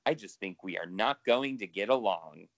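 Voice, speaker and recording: Low-voiced man, chatty and swearing. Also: animated, normal speed, vocal fry, no room sound, muffled recording. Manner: chatty, swears freely, laughs often. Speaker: podcast co-host. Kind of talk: casual chat.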